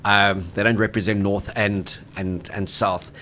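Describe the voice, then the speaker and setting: A man's voice: on the low side, flat delivery, unhurried, pushed and bright, a little hiss or hum. Male co-host, casual rugby banter, emphatic, laughs easily. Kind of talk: casual sports chat.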